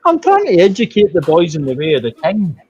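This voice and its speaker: Man, Irish accent, husky voice, swearing storyteller, dull lo-fi sound. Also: high voice, wildly swooping pitch, a little fast, darkish tone. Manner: swears freely, rambling storytelling with restarts. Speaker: storyteller in group chat. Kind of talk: casual anecdotal chat.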